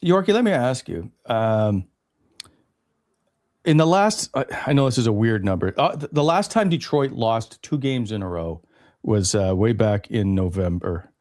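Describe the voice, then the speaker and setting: A man's voice: lowish voice, animated, normal speed, a little mellow, no room sound, clean studio sound. A man hosting a casual sports radio show, leading the segment and quizzing his co-hosts with stats. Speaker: host.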